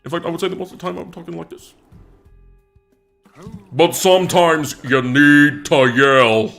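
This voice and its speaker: A man doing a comedic impression of an older male politician who swings between yelling and quick muttering. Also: a little high, little pitch movement, gravelly, faint music behind. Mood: gruff.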